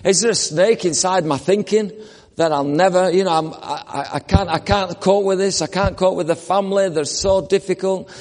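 Preacher, man, fairly high voice, lively and chatty, long church-hall reverb. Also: moderate pace. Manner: conversational and animated, acts out the grumbling Israelites. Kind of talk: sermon.

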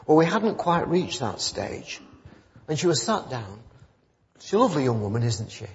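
A man's voice: mid-range voice, very animated, normal speed, creaky. A man preaching an informal sermon, telling stories in a rambling, conversational way and building to fervent emphasis. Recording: muffled church recording with long reverb.

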